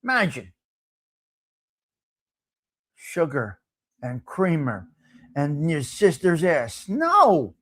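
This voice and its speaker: A man's voice: on the high side, huge pitch swings, very slow, long pauses, a bit bright. A man hosting a live talk show, brash and profane, repeating himself as he riffs. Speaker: host.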